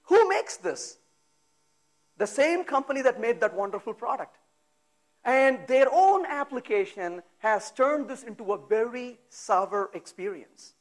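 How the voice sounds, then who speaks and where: Lively, high-voiced man giving a conference talk. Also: a little slow. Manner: lively, rhetorical questions, acts out exasperated asides. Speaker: conference speaker. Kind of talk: animated technical conference talk. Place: conference hall.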